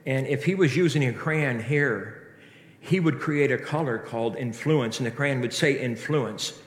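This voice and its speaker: A man preaching in a church, asking his listeners earnest rhetorical questions and often restarting his sentences. His voice sits at an ordinary pitch for a man. The sanctuary is roomy and rings with a long reverb. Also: measured pace. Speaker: pastor. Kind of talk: sermon. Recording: echoey hall reverb.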